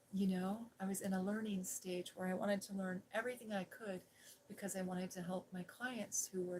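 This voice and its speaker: A middle-aged woman, an ASMR host, telling a personal story in a gentle, hushed voice that drifts into whispers. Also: medium pitch, a little hiss or hum, low-quality recording. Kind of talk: soft-spoken storytelling.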